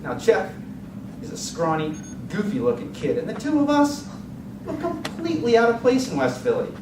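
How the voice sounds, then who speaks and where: A man giving a dramatic storytelling speech at a contest, telling it with vivid, expressive delivery. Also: a little high. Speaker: contest speaker. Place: contest hall stage. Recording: echoey hall, distant mic, noisy.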